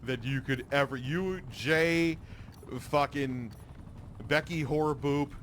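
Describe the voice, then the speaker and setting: A man's voice: fairly high pitch, slow, fairly bright tone. A man streaming a profane reaction, mocking and sarcastic, swearing freely. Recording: noisy stream capture.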